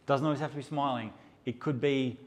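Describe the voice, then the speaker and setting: A man's voice: mid-range voice, fairly even intonation, brisk. A man teaching a live workshop session, brash and joking and swearing freely as he addresses the audience. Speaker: photography workshop presenter.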